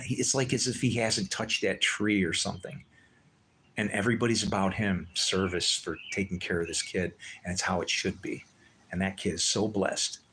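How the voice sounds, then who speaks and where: A man's voice: lowish voice, fairly bright tone, a little hiss or hum. A man livestreaming, ranting in a heated, preachy way with lots of profanity. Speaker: livestream host. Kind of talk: livestream rant.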